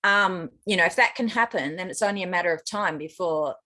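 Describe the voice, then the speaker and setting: A woman's voice: fairly low pitch, a little fast, bright, forceful tone. An Australian woman co-hosting a podcast in casual chat, with chatty, self-mocking asides. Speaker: podcast co-host.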